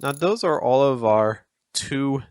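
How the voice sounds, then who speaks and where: A man explaining poetic meter in a chatty, encouraging video lesson, acting out the stresses with exaggerated rises and falls in pitch. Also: animated, slow, clear, resonant tone, no room sound, clean studio sound. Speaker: poetry teacher.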